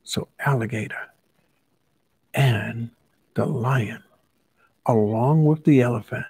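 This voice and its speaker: A man reading a children's story aloud, unhurried and pausing to recap for listeners. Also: mid-range voice, creaky, a little mellow, breathy edge, dry recording.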